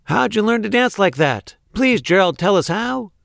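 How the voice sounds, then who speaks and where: A man reading a storybook aloud, voicing a crowd of jungle animals that shout and sneer. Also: sits high, big pitch swings, normal speed, creaky, dry recording, clean studio sound, voice pushed up, full character voice. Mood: amazed. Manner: sneering, loud.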